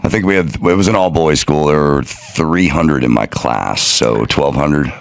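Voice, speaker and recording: A man's voice: very deep voice, unhurried, gravelly, dry recording. A middle-aged man with a dry, self-mocking manner, chatting casually as a co-host. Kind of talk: casual chat.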